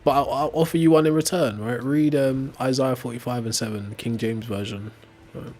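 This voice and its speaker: A man's voice: medium pitch, steady tone, moderate pace, a little mellow. An English man with a working-class accent, chatting casually while gaming and often asking "right?". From England. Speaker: streamer.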